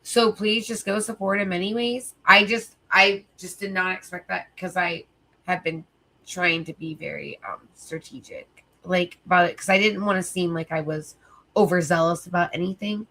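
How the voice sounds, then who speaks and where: A woman's voice: fairly low pitch, fairly even intonation, moderate pace, bright, forceful tone. A tired woman hosting a livestream, chatting casually with viewers in a rambling way, full of fillers and swearing. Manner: rambling, filler-heavy, profane. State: sleepy, tired. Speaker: livestream host.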